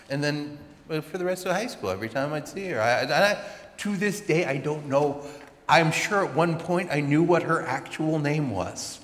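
A man, a pastor, telling a personal story in a sermon with chatty, animated asides. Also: on the high side, normal speed. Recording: echoey hall with long reverb.

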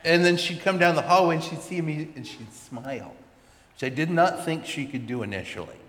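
A man, a pastor, telling a personal story in a sermon with chatty, animated asides. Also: on the high side, brisk. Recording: echoey hall with long reverb.

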